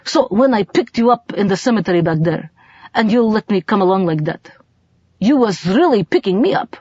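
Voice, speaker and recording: A woman's voice: mid-range voice, expressive, moderate pace, a little mellow, breathy edge, no echo, highs cut off, pitched above the performer's own voice. A woman voicing a brash, streetwise male smuggler who talks in blunt, broken English with a swagger. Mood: admiring.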